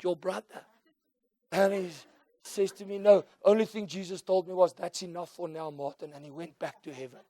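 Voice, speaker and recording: South African male pastor, middle-aged, high voice, sermon swinging from soft to shouted, dry close sound. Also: no room sound. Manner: switches between soft storytelling and loud call-and-response shouting.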